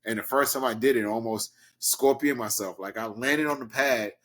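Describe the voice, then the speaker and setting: A man from Brooklyn tells a story as an interview guest. His voice sits at an ordinary middle pitch, but he is animated and acts out the people in his story with sudden high leaps. His delivery is casual and conversational. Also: fairly quick. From Brooklyn, New York. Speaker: guest, professional wrestler.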